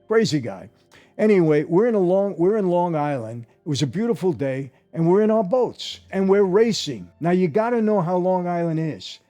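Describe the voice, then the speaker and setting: Un homme âgé à l'new-yorkais raconte ses souvenirs d'une voix plutôt haute pour un homme mais au timbre chaud et sombre. Il parle de façon vivante et familière, en interpellant sans cesse son public. On entend une légère musique en fond. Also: male voice, high-pitched, moderate pace, soft background music. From New York. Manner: animated, addresses listeners directly, repeats "I gotta tell you". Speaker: former mobster telling stories. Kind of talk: casual storytelling monologue.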